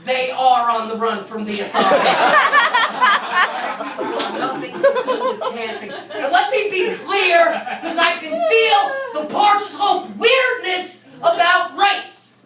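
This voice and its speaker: A man performing a loud, brash stand-up comedy set in an apartment living room, often shouting. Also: extremely high pitch, lively intonation, slow, hardly any pauses, a loud crowd. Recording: roomy echo, distant mic, loud audience laughter.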